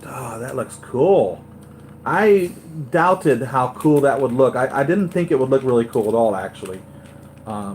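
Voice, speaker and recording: A man hosting a live toy unboxing, gushing and excitable, often repeating himself. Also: medium pitch, unhurried, a little hiss or hum. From United States. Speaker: toy collector vlogger.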